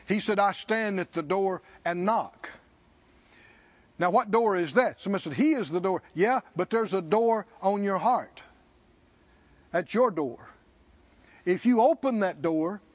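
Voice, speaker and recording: Slow, animated preacher man. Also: sits high, highs cut off. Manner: call-and-response preaching, slow emphatic delivery. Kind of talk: sermon.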